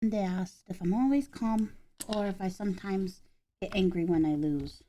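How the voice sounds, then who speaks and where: A woman chatting casually while assembling a craft kit, deadpan and ironic, claiming to be calm before bursts of swearing. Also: medium pitch, moderate pace, slight background noise. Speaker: vlogger building a craft kit.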